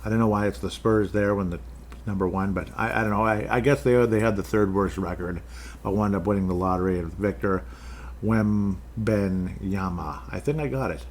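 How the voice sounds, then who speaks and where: Rambling low-voiced male sports podcaster. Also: quick pace, a little hiss or hum. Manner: rambling, self-interrupting, digressive; chuckles often, offhand ranting. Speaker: podcast host. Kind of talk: casual solo sports talk.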